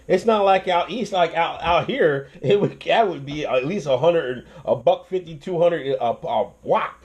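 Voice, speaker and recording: Profane, ranting man with a higher voice. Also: unhurried. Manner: profane, animated ranting with restarts and laughs. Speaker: commentary channel host. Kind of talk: casual commentary.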